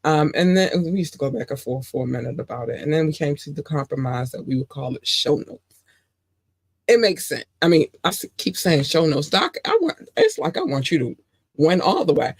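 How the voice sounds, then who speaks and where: A woman in her forties hosting a podcast, chatting casually and showering her listeners with affectionate shout-outs. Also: low voice, big pitch swings, brisk, slightly rough, no echo. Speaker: podcast host.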